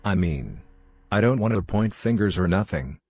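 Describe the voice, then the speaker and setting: A man voicing a young man trapped inside a beer can, chirpy and taunting in a low voice. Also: lively intonation, normal speed, a little mellow. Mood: mocking.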